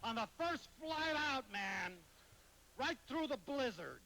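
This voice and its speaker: A man giving a motivational lecture, telling anecdotes dramatically with sudden swings between loud and soft. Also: very high voice, expressive, slow pace, poor audio. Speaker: motivational speaker.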